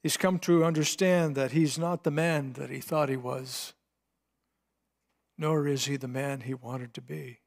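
A man preaching a sermon, retelling a scripture scene dramatically, swinging between hushed and emphatic delivery. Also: medium pitch, fairly even intonation, measured pace, vocal fry. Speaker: pastor.

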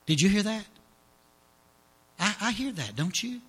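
A man pastor preaching a sermon in a church service, telling a story dramatically and dropping to hushed tones for emphasis. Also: high-pitched, very animated, unhurried, slightly rough.

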